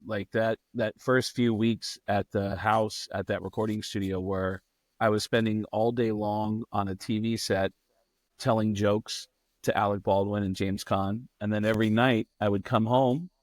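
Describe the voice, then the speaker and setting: A middle-aged man, a comedian guest on a podcast, telling a long casual anecdote in a profane, animated way and acting out what other people said. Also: fairly low pitch, unhurried, no room sound, clean studio sound.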